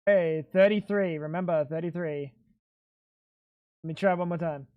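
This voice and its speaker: A man livestreaming a game, talking to his chat in an excitable, rambling way and swearing often. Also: fairly high pitch, normal speed, narrow, tinny audio. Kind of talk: casual gaming stream chatter.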